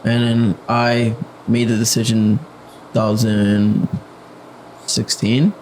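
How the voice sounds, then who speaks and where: A reserved young man speaking softly as a podcast guest, in casual chat with lots of fillers. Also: fairly low pitch, flat delivery, slow, slight background noise, low-quality recording. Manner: soft-spoken, reserved, many fillers. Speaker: podcast guest, music producer.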